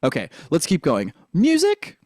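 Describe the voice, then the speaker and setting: A man's voice: medium pitch, expressive, moderate pace, no echo, studio quality. A man coaching a theater class on accents, upbeat and encouraging as he demonstrates lines. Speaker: drama coach.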